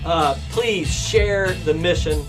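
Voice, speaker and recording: A man's voice: a little high, slow. A man from Texas, standing in as host in a casual chat, rambling with lots of restarts and fillers. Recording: music playing in background.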